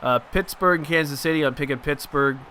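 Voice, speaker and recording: With a slightly high, bright, forceful voice, a young Southern Californian gaming host chats loosely over a football video game and vents about his team. There's a little hiss or hum.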